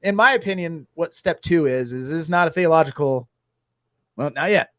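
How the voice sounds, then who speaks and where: A man's voice: a little high, moderate pace, a bit bright, no echo, studio quality. A man co-hosting a casual recovery livestream, jokey and encouraging. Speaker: recovery group co-host.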